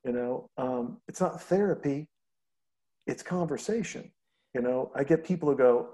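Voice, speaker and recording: A man with a mellow, darker voice talks in a loose, rambling way. He tells animated stories and swears freely in casual conversation. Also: medium pitch, moderate pace. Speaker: podcast host.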